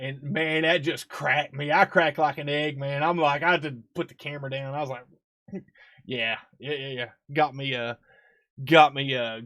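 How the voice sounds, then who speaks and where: A man's voice: mid-range voice, sharp tone. A man, hosting a live stream in casual, rambling chat full of fillers and laughs.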